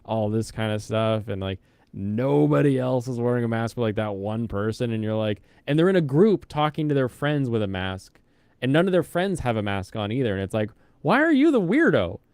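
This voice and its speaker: A man's voice: mid-range voice, lively intonation, fairly quick, darkish tone, clear, resonant tone. A man co-hosting a casual chat, joking and teasing, slipping into silly voices. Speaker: podcast co-host.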